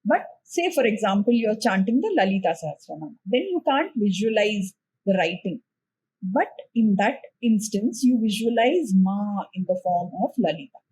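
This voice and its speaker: A woman with an Indian English accent, a spiritual teacher and podcast guest, explaining practice patiently and slowing down gently when giving instructions. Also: mid-range voice, lively intonation, slight background noise. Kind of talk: calm explanatory conversation.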